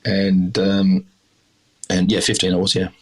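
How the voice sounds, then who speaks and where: A middle-aged Australian man with a deep, husky voice speaks a little slowly and completely flat. He's a chef appearing as a podcast guest, telling stories in a casual interview. He rambles with lots of fillers and restarts and pokes fun at himself.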